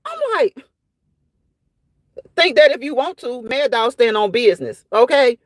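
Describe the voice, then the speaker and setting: A woman's voice: fairly high pitch, normal speed, dry recording. A woman hosting a casual live stream, reading viewers' comments aloud and reacting to them in a chatty way that often repeats phrases.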